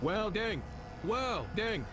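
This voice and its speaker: Deadpan welding robot. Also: male voice, high-pitched, very slow, exaggerated voice. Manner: courteous, cheerfully menacing.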